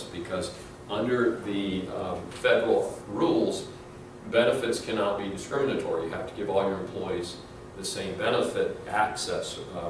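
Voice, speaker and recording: Middle-aged man, law professor, rambling lecture, lowish voice, echoey classroom recorded from afar. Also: recorded from a distance, noisy background. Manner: conversational, anecdotal, frequent fillers and restarts. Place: large classroom.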